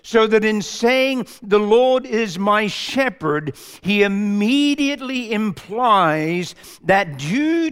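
Male preacher, slow deliberate emphatic delivery, smooth resonant voice, echoing hall. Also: sits high, fairly bright tone. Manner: measured, emphatic preaching with rhetorical lists. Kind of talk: sermon. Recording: long reverb of a large hall.

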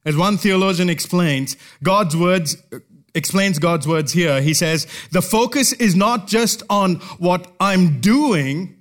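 A male preacher with a notably high voice delivers a sermon. He teaches at a measured pace, stressing key words with pauses. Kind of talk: expository sermon.

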